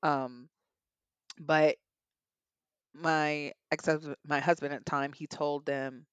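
A woman's voice: low-pitched, little pitch movement, slow pace, long pauses, smooth, no echo, poor audio. A young adult woman, a podcast guest, candidly and earnestly telling a personal story in an interview.

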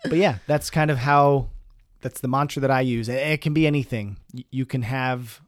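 A man's voice: medium pitch, normal speed, dry recording, clean studio sound. A man co-hosting a podcast, chatting casually with advice and frequent laughs, often restarting his sentences. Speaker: podcast co-host.

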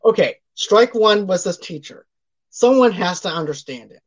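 A man's voice: sits high, lively intonation, moderate pace, muffled recording. A man hosting a casual podcast, retelling movie scenes and reading out listener comments. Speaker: podcast host. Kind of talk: casual chat about a movie.

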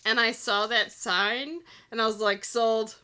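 A woman with an American accent co-hosting a podcast. She chats casually, teases her partner, and chimes in with quick agreement. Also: on the high side, sharp tone. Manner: quick agreeing interjections, playful teasing. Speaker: podcast co-host. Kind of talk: casual chat.

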